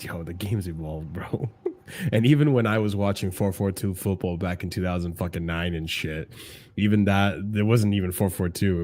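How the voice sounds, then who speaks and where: A man casually reacting to football clips, swearing and ranting excitably. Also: on the low side, gravelly.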